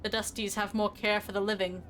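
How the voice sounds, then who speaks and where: A woman's voice: medium pitch, flat delivery, a little fast, a bit bright, slight background noise, close to an everyday voice. Woman doing a weary old gravedigger man. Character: gruff weary male gravedigger.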